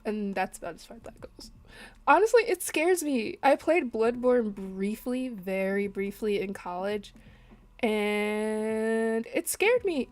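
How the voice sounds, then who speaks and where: Chatty woman streamer, slightly high voice. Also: takes it slowly. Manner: chatty and animated, laughing at herself. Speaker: artist streaming while drawing. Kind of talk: casual live-stream chat. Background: faint lo-fi music.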